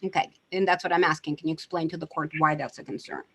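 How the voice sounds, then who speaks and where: A woman attorney questioning a witness in a court hearing over a video call, measured and often pausing with fillers. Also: low voice, fairly even intonation, breathy edge, no echo. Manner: measured, hesitant with frequent fillers. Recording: dull dry video-call audio.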